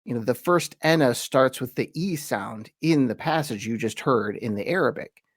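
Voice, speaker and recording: A man explains in an easygoing, chatty lesson, his voice sitting at a middling pitch. He slows down and leans on each word when reading quoted verses, and the recording is dry and close with no room sound. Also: husky, dry recording. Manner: reads quoted verses slowly with emphasis; relaxed, chatty explaining with asides. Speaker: host and teacher. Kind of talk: conversational lesson.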